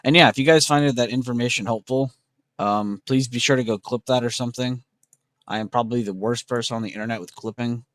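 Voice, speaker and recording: A man's voice: medium pitch, quick pace, no echo, studio quality. A young man hosting a trading livestream, chatting casually and slangily with his viewers. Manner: relaxed, slangy, talks to chat with "bro" and "dude".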